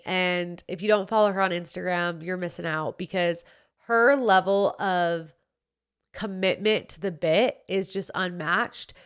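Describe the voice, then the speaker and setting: A young woman talking on her own podcast in a loose, gushing way, swearing now and then. Her voice sits fairly low for a woman. It comes across smooth and clear. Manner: chatty and effusive, swearing casually. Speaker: podcast host. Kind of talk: casual solo podcast recap.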